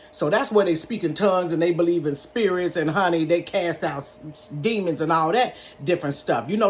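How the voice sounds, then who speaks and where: A woman telling a personal story in a casual, animated, folksy way, calling her listeners honey and y'all. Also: sits low, a little hiss or hum. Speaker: storyteller, channel host. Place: bedroom.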